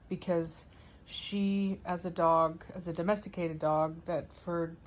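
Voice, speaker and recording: A woman who breeds and trains dogs chats casually with her viewers in a vlog, rambling in a friendly way. Her voice is lowish with a somewhat dark tone.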